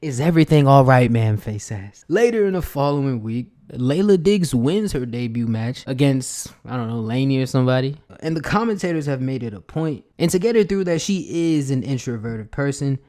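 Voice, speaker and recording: A man's voice: medium pitch, animated, normal speed, hardly any pauses, mellow. Male vlogger, loose slangy recap with plenty of swearing, rambles on. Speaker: wrestling commentary vlogger. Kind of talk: casual storyline recap.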